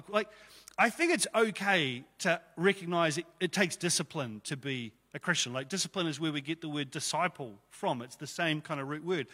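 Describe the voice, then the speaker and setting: A pastor on a church stage preaches a casual sermon through a stage microphone, chatting with his listeners like friends and slipping in jokes. His voice is high and bright for a man, and a long hall reverb trails after his words.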